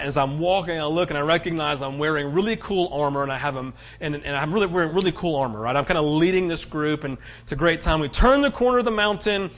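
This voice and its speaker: A man preaching a sermon as pastor, building to loud, emphatic peaks and telling stories with lots of "right?" asides. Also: fairly high pitch. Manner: animated storytelling with frequent "right?" asides. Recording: dull, lo-fi sermon recording.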